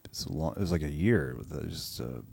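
A man's voice: very deep voice, lively intonation, fairly quick, creaky, a little mellow, breathy edge, no room sound. A male co-host making sarcastic, dry commentary in casual chat, swearing and trailing off mid-sentence.

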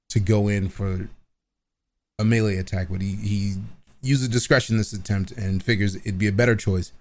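A man playing a tabletop game, describing his character's actions in a casual, halting way. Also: fairly low pitch, darkish tone. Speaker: player.

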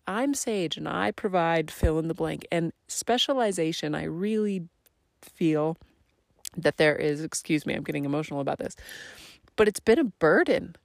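A woman's voice: low-pitched, no echo. A woman hosting her own podcast, talking earnestly and reflectively about purpose, slipping into whispered phrases now and then. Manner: earnest, slow and spiritual, with dropped whispery phrases. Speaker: podcast host. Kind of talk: reflective solo podcast monologue.

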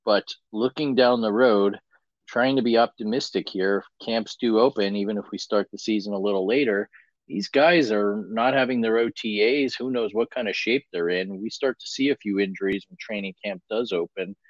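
Deep voiced guy breaking down football, dull dry audio. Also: no echo. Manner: brisk, analytical, asks rhetorical questions. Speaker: co-host. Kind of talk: casual sports talk.

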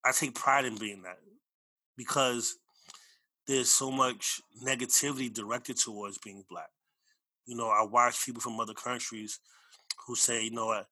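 A man's voice: medium pitch, steady tone, normal speed, pauses often, sharp tone, dry recording, low-quality recording. A man from the United States talking in a casual conversation, rambling, restarting, then repeating his points with emphasis.

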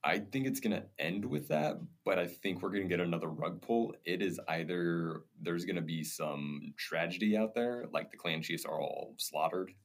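Male co-host with a very low pitch, laid-back and speculative, hedges as he goes. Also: moderate pace, hardly any pauses. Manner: thinks aloud, hedging with "I think". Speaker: podcast co-host. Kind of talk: casual chat.

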